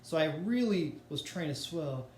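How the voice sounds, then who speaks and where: A man's voice: fairly high pitch, moderate pace, a little hiss or hum. Guy teaching music, laid back and chatty, lots of ums, echoey room. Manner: relaxed, chatty, with filler words. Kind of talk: casual music lesson with sung demonstrations.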